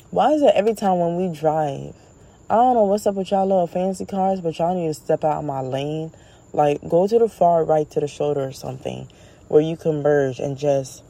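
A woman with a low, mellow voice holds forth in a casual comedic rant. She is blunt and profane, and she tells her stories with animated energy as the host of her own show. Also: poor audio. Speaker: podcast host.

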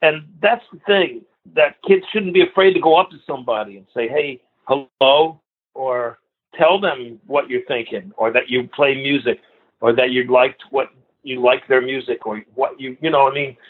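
A man's voice: mid-range voice, moderate pace, breathy edge. A man in his sixties from the New York area, a guest musician telling long anecdotes and acting out the other people in them. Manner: animated anecdotal storyteller who acts out other people's lines. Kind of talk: storytelling interview. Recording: phone-like narrow sound.

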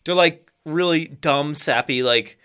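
A man's voice: fairly high pitch, measured pace, pushed and bright, clean tone. A man hosting a casual podcast chat, laid-back and pushing back with dry remarks. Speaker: podcast host.

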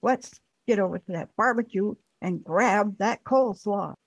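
A woman's voice: mid-range voice, a little slow, creaky, dry recording. An eager wild mustang horse, as a woman puts him on, rallying the herd. The sound is dry and close.

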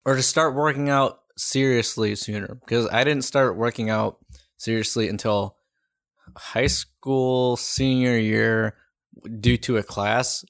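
A man's voice: mid-range voice, steady tone, unhurried. A young man co-hosting a podcast, rambling and laid-back, swearing casually. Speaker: podcast co-host. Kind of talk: casual chat.

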